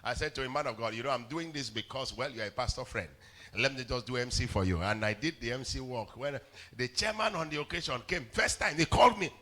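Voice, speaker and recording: A male pastor preaching a sermon in church, telling stories, often stammering on words and building up to shouts. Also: medium pitch, quick pace. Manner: storytelling preacher, rising to shouts, stammered repeats. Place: church hall.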